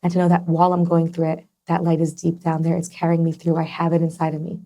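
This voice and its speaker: A woman's voice: low voice, monotone, fast, warm tone. A young adult woman as a podcast guest, talking in an earnest, heartfelt way with many fillers. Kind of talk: personal conversation.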